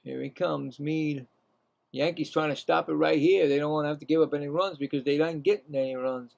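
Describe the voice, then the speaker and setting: A man giving casual, rambling live baseball play-by-play, chatting to himself between pitches and rising sharply in pitch on the calls. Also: fairly even intonation, a little fast, vocal fry, darkish tone, lo-fi sound. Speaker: play-by-play commentator.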